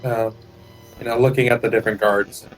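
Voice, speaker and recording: A man's voice: mid-range voice, steady tone, a little fast, soft background music, low-quality recording. A man playing a tabletop game, talking casually and easygoing. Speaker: player.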